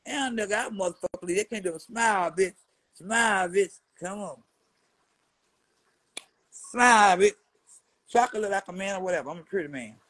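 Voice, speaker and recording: A woman's voice: low voice, breathy edge, no room sound, low-quality recording. Brash trash-talking woman in her seventies. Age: 70s. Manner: brash, mocking, swings from mutters to loud jabs. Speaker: social media personality answering a rival. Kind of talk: profane trash-talking response rant.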